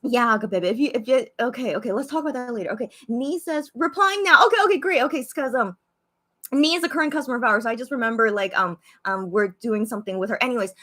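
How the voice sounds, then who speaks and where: Chatty high-voiced woman on a livestream. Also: quick pace. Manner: chatty, excitable, many fillers and restarts. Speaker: livestream host reading viewer comments. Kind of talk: casual live-stream chat. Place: Korea.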